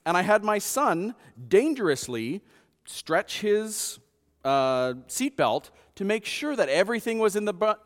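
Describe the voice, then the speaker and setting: A man preaching a sermon, acting out the quotes and swinging from soft to loud. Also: high voice, unhurried, in a large hall. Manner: expressive, acts out quotes softly and loudly. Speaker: pastor.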